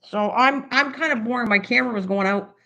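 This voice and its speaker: A woman's voice: on the high side, fairly quick, creaky, pushed and bright. An older woman hosting a casual live stream. She chats on while writing down a recipe and thanks her viewers over and over. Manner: chatty, thinks aloud while writing, effusively thanks viewers. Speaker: livestream host. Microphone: computer streaming setup.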